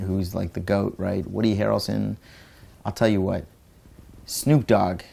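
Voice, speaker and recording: A man's voice: on the low side, gravelly, darkish tone. A man in an interview telling an anecdote, rambling with lots of fillers and laughing as he goes. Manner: acts out quotes in raised voices. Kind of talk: anecdotal storytelling.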